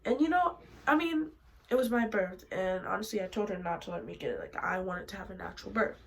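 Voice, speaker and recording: Young woman telling a story, animated. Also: medium pitch, fairly quick, gravelly, rough recording. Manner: animated, swings between hushed asides and sudden loud bursts. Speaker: vlogger. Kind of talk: casual storytelling.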